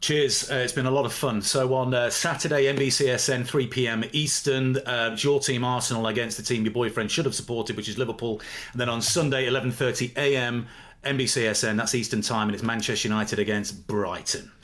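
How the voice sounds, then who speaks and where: A man talking casually as a guest, full of restarts and tangents. His voice sits in a middle pitch, easy and conversational. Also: fairly even intonation, fairly quick. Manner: chatty, rambling with restarts and loud mimicry. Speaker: studio guest commentator. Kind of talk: casual chat.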